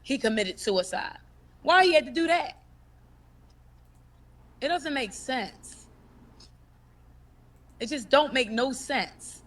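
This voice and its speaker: A grieving woman gives emotional livestream testimony with a high, bright voice. She talks in an impassioned, emphatic way and repeats her words for force. She sits away from the phone mic, so she sounds distant. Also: animated, takes it slowly, pauses often. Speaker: grieving mother of the deceased.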